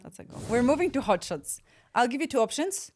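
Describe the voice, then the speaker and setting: Playful woman host asking quick questions. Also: on the high side, big pitch swings, a little mellow, a little hiss or hum. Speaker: podcast host. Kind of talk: casual interview chat.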